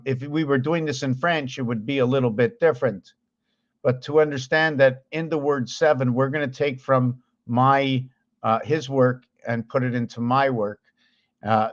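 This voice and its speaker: A man's voice: mid-range voice, highs cut off. A man explaining number patterns in a rambling way, thinking aloud, counting and correcting himself as he goes. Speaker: video host.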